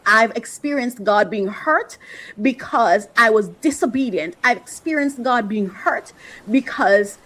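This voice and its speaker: A woman with a fairly high voice talks slowly on a podcast, earnest and reflective as she shares her faith. She leans on slow, emphatic stretches and is audibly moved to emotion. Her tone stays sincere throughout. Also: expressive, fairly bright tone, low-quality recording. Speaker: podcast host. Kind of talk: heartfelt personal monologue.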